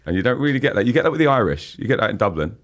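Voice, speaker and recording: A man's voice: fairly low pitch, very animated, very fast, a bit bright. A man in his forties, a guest musician chatting casually in a podcast interview, laughing often and saying "you know what I mean" a lot. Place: podcast studio.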